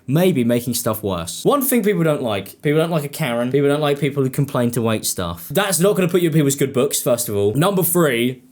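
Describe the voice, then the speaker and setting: A man's voice: on the high side, expressive, quick pace, few pauses. A man doing casual, sarcastic commentary for his channel, rambling and swearing. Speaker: commentary YouTuber.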